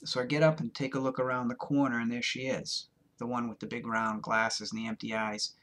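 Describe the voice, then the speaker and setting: A man reading his own first-person literary fiction aloud in a deadpan, rambling manner. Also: medium pitch, brisk.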